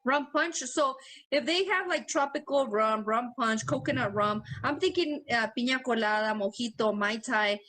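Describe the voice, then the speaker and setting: Female podcast co-host, bright and slightly high voice, casual and cussing. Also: normal speed, low-quality recording. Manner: profane and laughing, loose and chatty. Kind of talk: casual chat.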